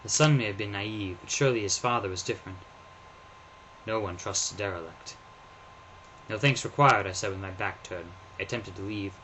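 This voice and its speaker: A man narrating his own first-person story in a measured, subdued reading. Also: low voice, fairly even intonation, fairly bright tone, a little hiss or hum, poor audio.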